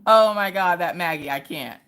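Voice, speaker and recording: A woman in her thirties hosting a live crafting stream, telling stories in a lively, chatty, colloquial way. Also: lowish voice, normal speed. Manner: animated, chatty storyteller, colloquial. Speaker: craft livestream host. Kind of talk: casual chat and storytelling. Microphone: streaming from home.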